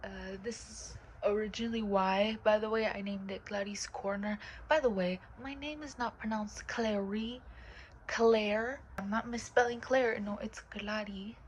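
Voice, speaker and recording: A woman vlogger in a casual, rambling commentary, blunt and profane, often dropping into hushed, whispered asides. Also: medium pitch, fairly even intonation, moderate pace, few pauses, a little hiss or hum, low-quality recording.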